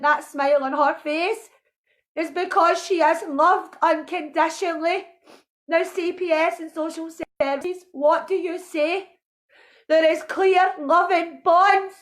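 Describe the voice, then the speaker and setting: A woman with a very high voice rants with raw emotion. She accuses and pleads in turn, her voice strained with feeling. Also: a bit bright. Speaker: protesting mother. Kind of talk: impassioned video rant.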